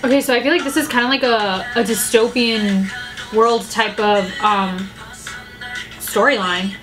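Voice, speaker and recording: A woman's voice: a little high, fairly even intonation, unhurried, rough recording. A woman hosting a music video reaction vlog, full of gasps and emotional exclamations. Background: music video playing.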